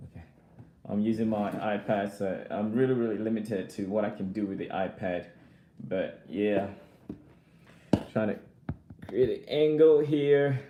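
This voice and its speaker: A young adult vlogger chats casually in a live-chat unboxing of a laptop, rambling, laughing often between remarks, and answering viewer comments. His voice is on the low side and dark, a little slow with frequent pauses. The sound is roomy, with a slight hiss or hum.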